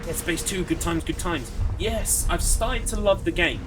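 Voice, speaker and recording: A man's voice: high-pitched, normal speed, loud music behind the voice. A man chatting casually while live-streaming a horror game, rambling, swearing and laughing as he greets viewers.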